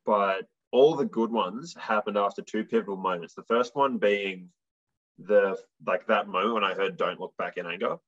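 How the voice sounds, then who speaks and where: A man's voice: lowish voice, moderate pace, a bit bright, dull audio. A young man, a musician guest, telling stories in a casual, rambling way full of fillers. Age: young adult. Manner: rambling, filler-heavy storytelling. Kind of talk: casual interview chat.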